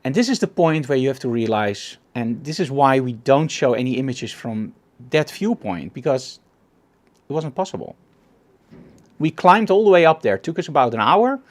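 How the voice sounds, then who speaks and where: A man's voice: medium pitch, big pitch swings, normal speed. A man with a Dutch accent giving a live photography presentation, enthusiastic and repeating words for emphasis. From Netherlands.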